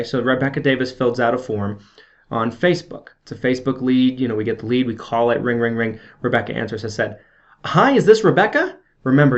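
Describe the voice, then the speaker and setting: Speaking directly to the camera, a man with an ordinary mid-pitched voice gives casual video sales training for insurance, coaching in a chatty, informal way and checking in with "okay?" as he goes. The camera-recorded audio sounds slightly dull and lo-fi.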